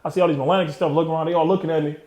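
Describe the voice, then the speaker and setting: Fast-talking streetwise man in his thirties. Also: on the high side, steady tone, darkish tone, echoey room, highs cut off. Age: 30s. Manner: streetwise, emotional, heavy slang, trailing off. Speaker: interview guest. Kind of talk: candid storytelling interview.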